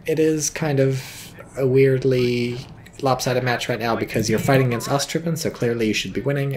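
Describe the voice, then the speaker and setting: A man's voice: medium pitch, a little mellow, a little hiss or hum. A man giving casual live-stream commentary on a strategy game, wry and offhand, swearing now and then.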